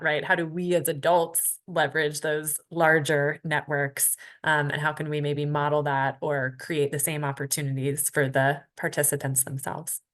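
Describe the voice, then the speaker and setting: A woman's voice: deep voice, sharp tone. A woman moderating a professional webinar, upbeat as she hands off to the next speaker.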